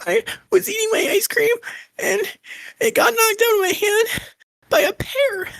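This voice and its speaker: A man voicing a crying little girl in a very high, squeaky falsetto as he tells a joke. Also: fairly even intonation, unhurried, vocal fry, fairly bright tone, dry recording, exaggerated voice. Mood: tearful. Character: crying little girl who dropped her ice cream.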